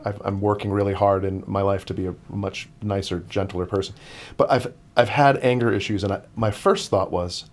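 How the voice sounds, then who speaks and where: Podcast guest: a man with a lowish voice, rambling through a casual story, full of restarts. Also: steady tone, moderate pace. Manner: rambling, many restarts and fillers.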